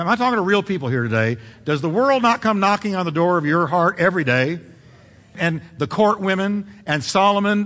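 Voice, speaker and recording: A man preaching a sermon, swinging from loud emphatic peaks to hushed quiet asides. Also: fairly high pitch, big-room sound.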